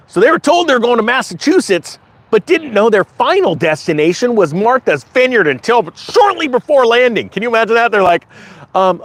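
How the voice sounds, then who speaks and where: Lively sarcastic man. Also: very high voice, dry recording. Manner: sarcastic, acts out mocking voices. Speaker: commentary channel host. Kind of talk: sarcastic news commentary.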